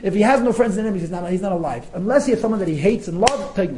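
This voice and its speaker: Man, high voice, wide swooping pitch, animated lecture, laughs often, acts out quotes. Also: rapid-fire, a crowd in the background, rough recording. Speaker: Torah teacher. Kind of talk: text-study lecture.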